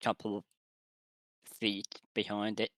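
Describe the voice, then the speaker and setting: A man's voice: lowish voice, monotone, takes it slowly, fairly bright tone, a little hiss or hum, low-quality recording. A man narrating a tabletop role-playing game as game master, describing scenes and laughing often with his players.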